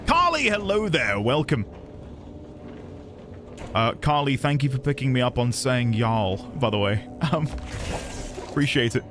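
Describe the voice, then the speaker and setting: A man commenting on his own gameplay on a live stream, thinking aloud and chatting with his viewers. His voice stays in a middle register but rises and falls with a lively, animated range. There is a faint hum of noise behind him. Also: medium pitch, measured pace, pauses often. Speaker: streamer playing a video game.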